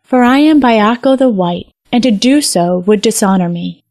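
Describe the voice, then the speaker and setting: A woman's voice: medium pitch, animated, moderate pace, no echo, natural voice. Woman doing a sorrowful spirit maiden. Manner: soft, sad and solemn. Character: sorrowful fox spirit maiden, gentle and dignified.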